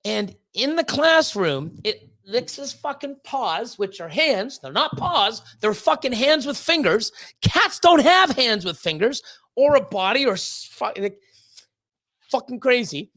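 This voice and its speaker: Her voice is a bit bright and slightly high, with a sing-song lilt and a somewhat slow pace. This woman streamer delivers a heated, casual rant to her chat, swearing nonstop and tripping over her words, stammering and restarting as she gets more worked up.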